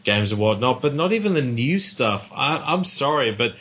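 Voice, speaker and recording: Bright-voiced Australian man, rambling guest. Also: medium pitch, big pitch swings, normal speed. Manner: rambling, self-deprecating, many restarts. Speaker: podcast guest. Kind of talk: casual podcast chat. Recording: dull lo-fi audio.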